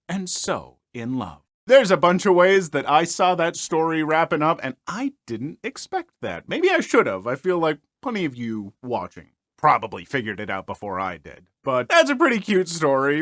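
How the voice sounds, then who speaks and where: Animated man reading stories with jokes. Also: medium pitch, dry recording, clean studio sound. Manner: playful and self-mocking, with quick comic asides. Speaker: podcast host reading online stories. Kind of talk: reading stories aloud with joking commentary.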